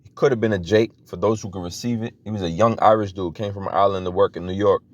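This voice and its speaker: A man's voice: lowish voice, steady tone, quick pace. A young man giving a loose, conversational teaching talk as a preacher, full of restarts and fillers. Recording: dry, dull lo-fi audio.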